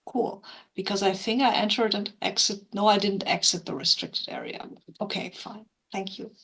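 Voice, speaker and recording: Creaky-voiced woman player. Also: medium pitch, fairly even intonation, a bit bright. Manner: quick, playful, self-questioning. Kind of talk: tabletop role-play chat.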